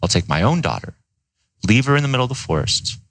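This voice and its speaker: A man's voice: medium pitch, very animated, fast talker, a bit bright, no echo, voice pushed up. A man voicing a scheming wicked stepmother from a fairy tale in a plain storytelling tone.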